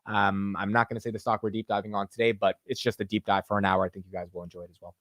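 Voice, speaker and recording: A man hosting a casual live stock market stream, animated and chatty, reading viewer comments aloud. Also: on the low side, racing, no room sound, clean studio sound. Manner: animated and chatty, reads chat aloud, laughs easily. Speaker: stock market livestream host.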